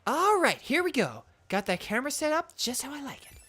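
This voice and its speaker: A bubbly young streamer girl and gym leader, pitched high above the speaker's own voice, as a woman puts her on. She rattles off showy greetings with a lively, swooping melody. The voice sounds a bit congested and dry. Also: fairly quick, exaggerated voice. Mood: peppy. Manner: peppy, showy streamer patter. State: congested nose, dry throat. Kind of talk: game character voice during playthrough.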